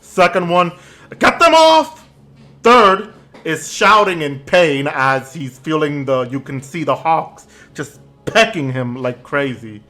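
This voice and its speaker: A man running a tabletop game as game master, narrating actions casually with spoken booms. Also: unhurried. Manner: relaxed narration with sound-effect booms.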